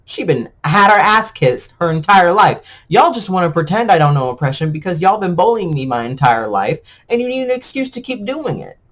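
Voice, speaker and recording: Guy venting into his camera, bitter and sarcastic, pitch jumping around a lot. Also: sing-song, fairly quick, hardly any pauses, a bit bright. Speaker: vlogger. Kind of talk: emotional rant to camera.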